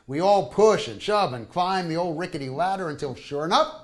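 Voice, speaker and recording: A man's voice: fairly high pitch, lively intonation, brisk. A man reading his own travel stories aloud to a live audience, wry and full of comic asides. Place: small live performance venue.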